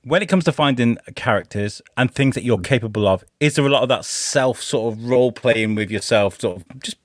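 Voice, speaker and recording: A man's voice: mid-range voice, fairly quick, dry recording, studio quality. A man hosting a podcast from his bedroom, chatty, jokey and self-deprecating. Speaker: podcast host. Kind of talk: casual interview chat. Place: home bedroom.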